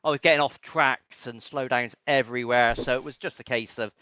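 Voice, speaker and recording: Bright, clear-voiced man joking. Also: medium pitch, steady tone, brisk. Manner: rambling, joking, teasing banter. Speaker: racing driver guest. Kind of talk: casual post-race interview.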